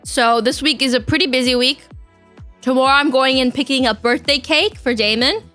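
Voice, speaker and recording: A woman's voice: high-pitched, moderate pace, pushed and bright, soft background music. A young woman streaming live, chatting casually and giggling as she talks to her chat. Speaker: vtuber streamer.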